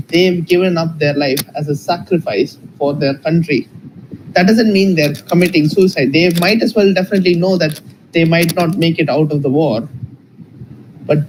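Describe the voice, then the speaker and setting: A man arguing his side in a live debate, measured and often hesitating. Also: fairly high pitch, background noise. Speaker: Christian debater.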